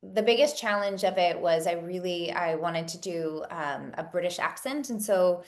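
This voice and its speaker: A woman's voice: on the low side, moderate pace. A woman in her thirties, an actress and producer, chatting in an interview and rambling with many fillers and restarts. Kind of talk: casual interview chat.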